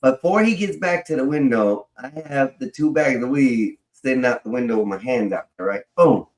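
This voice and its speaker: A man's voice: mid-range voice, animated, normal speed, darkish tone. A man telling a long personal story in a casual way, swearing freely and laughing as he goes. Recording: roomy echo.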